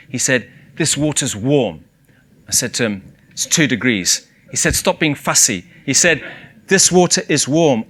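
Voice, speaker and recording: A man's voice: medium pitch, fairly bright tone. A man giving an inspirational talk to an audience, telling a story with vivid acted-out dialogue at a stage microphone. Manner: vivid storytelling, voicing others in quoted dialogue. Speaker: keynote speaker.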